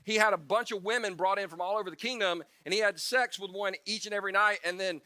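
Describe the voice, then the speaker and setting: A male pastor giving a casual sermon in a conversational, joking way, with quick asides and restarts, acting out the story figures in quick little voices. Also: sits high, steady tone, sharp tone, smooth, dry recording.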